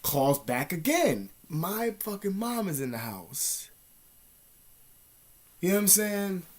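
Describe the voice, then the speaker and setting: Profane, animated young man telling a story. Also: high-pitched, slow. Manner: profane, animated, streetwise slang. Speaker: vlogger. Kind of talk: casual storytelling to camera.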